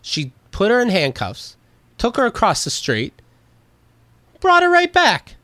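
A man's voice: high voice, huge pitch swings, unhurried, pushed and bright, no echo. A man co-hosting a casual talk show, arguing in an exasperated, sarcastic way. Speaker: co-host. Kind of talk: casual chat.

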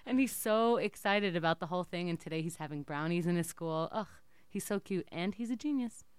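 A woman's voice: on the low side, fairly quick, clear, resonant tone, no room sound. A woman hosting a casual talk show, teasing her guests and laughing often. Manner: giggly, teasing. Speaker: podcast host. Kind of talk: casual chat and prank call.

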